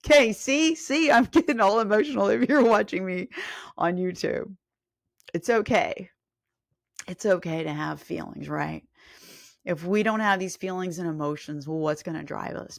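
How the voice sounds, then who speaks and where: Excited woman fitness coach, dry close sound. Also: on the low side, no room sound. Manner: enthusiastic, emotional, rambling with restarts. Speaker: fitness coach and podcast host. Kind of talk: casual podcast monologue.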